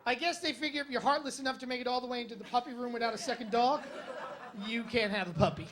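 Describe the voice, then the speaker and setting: A man's voice: very high-pitched, steady tone, fast talker, fairly bright tone, a faint crowd. A male stand-up comedian telling jokes and stories on a comedy club stage in a wry, conversational way, with punchy jokes. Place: comedy club stage in front of a live audience.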